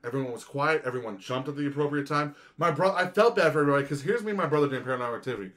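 A man co-hosting a casual podcast, ranting in an animated way with lots of swearing and acted-out quotes. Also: medium pitch, rapid-fire. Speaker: podcast co-host.

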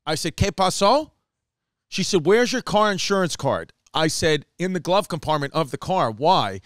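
Telling a rambling story on his podcast, a man who is a comedian races through it in run-on style, animatedly voicing the quotes of the characters involved. His voice is a little high, and the studio-quality recording has no room sound.

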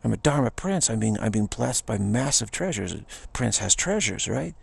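A man's voice: medium pitch, expressive, moderate pace, creaky, husky, no echo. A man giving an informal spiritual talk in a rambling, repetitive way, often slipping into quoted voices. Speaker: spiritual teacher.

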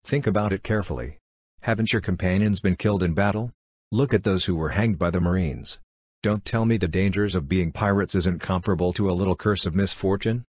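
Reading an audiobook, a man performs the parts of bold, greedy male pirates whose speech is blustering and persuasive, with an eager feel throughout. He has a low, husky voice and a fairly quick pace, recorded without echo.

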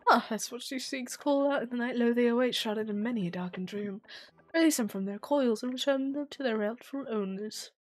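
A woman voicing a mysterious, all-seeing fortune teller who speaks in a hushed, solemn and theatrical way. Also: fairly high pitch, brisk, no echo, close to an everyday voice.

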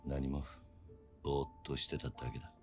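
An actor playing a stoic young yakuza who speaks tersely and gruffly in a video game. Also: male voice, a bass voice, level tone, rapid-fire, music in the background. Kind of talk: game voice acting.

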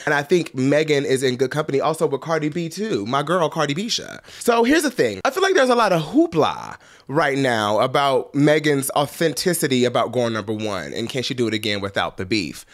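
A man's voice: mid-range voice, lively intonation, a little fast. Congested, sassy male pop culture commentator. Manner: chatty and sassy, calling listeners girl and honey. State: congested from blocked sinuses.

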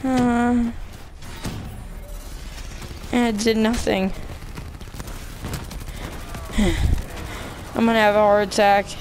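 A young woman commenting on her gameplay, frustrated, ranting and yelling at the game. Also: medium pitch, drawn-out words, long pauses, noisy background. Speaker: gamer.

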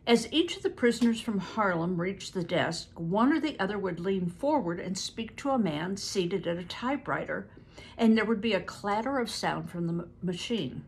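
Gravelly older woman reading a book aloud. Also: mid-range voice, expressive, moderate pace, slight background noise. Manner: stops to explain words and events; stumbles over hard names.

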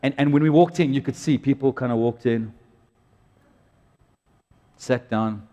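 A man preaching a sermon to his church in a chatty, joking way with animated bursts. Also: medium pitch, a little slow. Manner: conversational, jokey preaching with animated outbursts. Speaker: pastor. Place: church auditorium. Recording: long hall reverb.

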